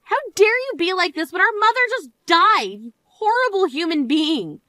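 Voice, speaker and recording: A woman's voice: sits high, lively intonation, normal speed, a bit bright, dry recording. A woman voicing a grieving older sister who scolds in an exasperated, reproachful way in a dramatized story. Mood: furious.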